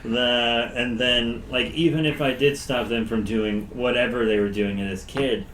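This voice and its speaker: A man who plays in a tabletop game, recalling the session in an animated, joking way. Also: medium pitch, moderate pace, a little hiss or hum. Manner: animated, joking, laughs often. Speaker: player. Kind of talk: casual recap of a tabletop game. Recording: roomy echo.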